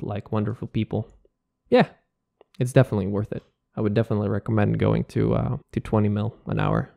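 A man's voice: fairly low pitch, vocal fry, mellow, dry recording, clean studio sound. A young man recapping his gaming session in a casual, rambling vlog, often saying "dude". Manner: rambling, laid-back, says "dude" a lot. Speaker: gaming vlogger.

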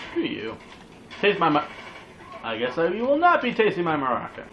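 Excitable high-voiced male gamer. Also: normal speed, dull audio, slight background noise. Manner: excitable, yelling and swearing at the game. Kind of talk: gameplay commentary.

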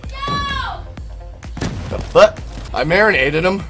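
A young man giving profane, excitable live commentary on his own gameplay, with sudden yelled outbursts. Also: on the high side, a little fast, over music. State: out of breath. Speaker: gaming channel host.

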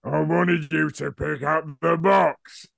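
A hulking, brutish ogre soldier , as a man puts him on, taunts in a slow, heavily gravelly voice. The voice is raised higher than a normal speaking pitch and grinds with fry, with a dry, close sound. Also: steady tone, dry recording, exaggerated voice. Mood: taunting.

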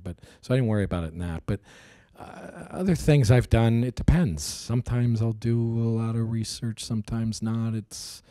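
Low, mellow man telling stories. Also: dry recording, clean studio sound. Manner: hesitant, restarts, acts out quoted voices animatedly. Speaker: actor interviewee. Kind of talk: casual interview storytelling.

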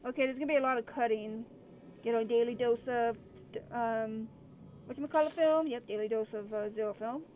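Chatty high-voiced woman gaming. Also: brisk, a little mellow, a little hiss or hum. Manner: chatty, talks to on-screen characters, cries out in bursts. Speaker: let's play gamer. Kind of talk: casual gameplay commentary.

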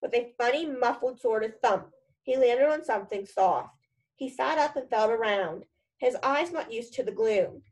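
A woman's voice: fairly high pitch, animated, moderate pace, a little mellow, rough recording. A woman reading a children's novel aloud in a casual storytelling manner. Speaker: reader.

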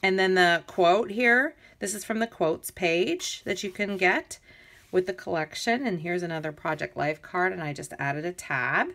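A woman's voice: fairly low pitch, fairly bright tone. A woman casually walking through a handmade scrapbook album, chatty and enthusiastic with lots of ums and restarts. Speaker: crafter demonstrating a scrapbook album. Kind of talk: casual show-and-tell tutorial.

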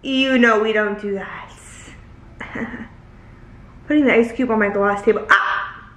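A woman chatting casually in a home vlog about her puppy, slipping into high baby talk when she speaks to her dog. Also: fairly even intonation, slow pace, a bit bright. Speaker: vlogger, dog owner. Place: home living room. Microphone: handheld camera. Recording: roomy echo.

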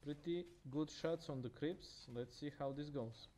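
A man's voice: fairly high pitch, a little slow, background noise. A man with a Russian accent casting a video game match by himself, talking casually with many fillers and restarts. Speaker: esports caster. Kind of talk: solo game commentary.

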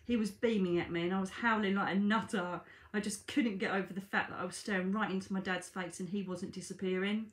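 A woman's voice: mid-range voice, fairly even intonation, brisk, few pauses. A woman, a psychic medium, reading aloud from her own book and breaking off for chatty asides to viewers she calls darlings. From Britain. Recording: echoey room.

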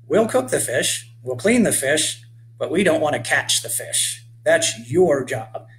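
A man voicing a brisk, scolding mother. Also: a little high, big pitch swings, fairly bright tone, slight background noise.

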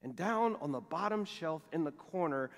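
Middle-aged male pastor, lively storyteller, slightly high voice, sermon captured in a big reverberant church. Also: moderate pace. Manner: animated storytelling, acts out quoted dialogue. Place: large church sanctuary. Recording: long reverb of a church sanctuary.

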